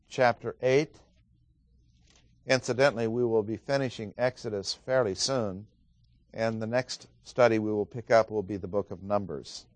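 A man's voice: fairly low pitch, dry recording. Methodical male Bible teacher, dry sound. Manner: methodical, emphatic, reads scripture aloud with stress on key words; frequent "uh" fillers. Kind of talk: Bible study lecture.

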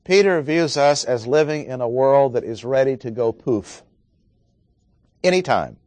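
A man preaching an expository sermon, working through verses and stressing key words with slow, dramatic pauses. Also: medium pitch, expressive, darkish tone, no echo.

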